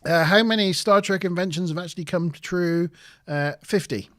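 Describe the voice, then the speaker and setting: A man with a West Country accent chats on a casual show, his voice sitting a little high for a man. He rambles and hesitates often, with a self-deprecating manner. The sound is dry and close, with no room echo. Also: moderate pace, a bit bright. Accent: West Country English. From southwest England. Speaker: co-host. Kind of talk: casual podcast chat.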